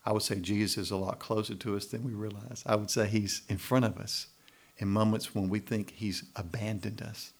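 A man preaching a sermon as pastor, lively and emphatic, often checking in with "right?" and pushing to loud emphasis. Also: fairly low pitch, moderate pace.

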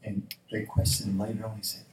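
A man with a lowish voice preaches a sermon quickly and animatedly, acting out the story's characters in changing voices. He sounds far from the microphone, with a roomy echo and slight background noise.

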